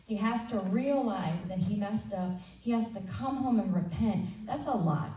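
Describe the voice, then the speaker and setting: A woman leading a women's ministry breakfast, preaching in a conversational, animated way and acting out little asides. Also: mid-range voice, normal speed. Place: church event room. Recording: roomy hall sound from a distant mic with faint noise.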